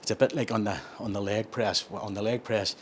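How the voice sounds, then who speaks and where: A man's voice: fairly low pitch, steady tone, brisk, a little hiss or hum. A man, chatting casually between sets in a gym and rambling through his explanations with plenty of self-corrections. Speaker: gym vlogger.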